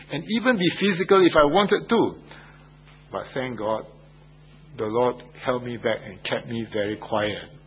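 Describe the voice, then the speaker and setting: A man's voice: medium pitch, husky. A man preaching a sermon in an emphatic way, repeating his phrases and asking the listeners rhetorical questions. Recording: dull lo-fi radio broadcast with faint hum.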